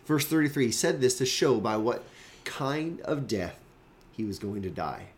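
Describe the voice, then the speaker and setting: A man's voice: mid-range voice, very animated, normal speed. A man, a pastor, giving a daily devotional Bible teaching in an earnest, emphatic, conversational way.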